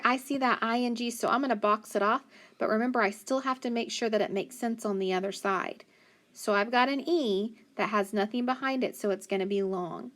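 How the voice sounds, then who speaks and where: A woman teaching a phonics lesson, patiently sounding out words and encouraging the listener. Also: a little high.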